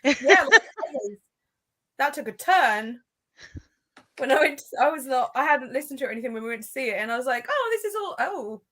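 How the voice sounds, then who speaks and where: A woman telling stories in a casual chat with friends over a video call, animated and laughing often. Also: sits high, brisk, pauses often.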